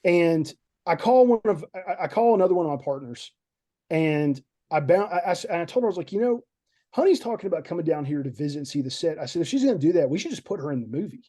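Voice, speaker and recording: Dark-voiced man telling a rambling story. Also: on the high side, expressive, fast talker. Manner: rambling, repeats words when nervous. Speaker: film director guest. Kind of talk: casual podcast storytelling.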